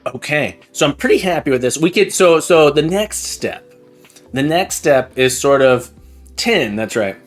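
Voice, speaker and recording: A man hosting a live coding stream, chatting excitedly and jokingly with viewers, often repeating words and restarting his sentences. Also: fairly high pitch, unhurried, faint music behind. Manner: laughs often and jokes with chat. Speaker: livestream coding host. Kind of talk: casual live-stream chat while coding.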